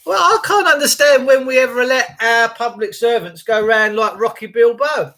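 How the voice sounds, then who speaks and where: Man, high voice, rambling, swearing, livestream host greeting viewers. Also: normal speed, sharp tone. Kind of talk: casual livestream chat.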